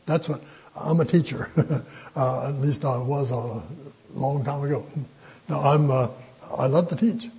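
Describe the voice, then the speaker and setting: An older man teaching a Bible study in a folksy, conversational way, pausing often with fillers. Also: mid-range voice, warm tone, slightly rough, rough recording.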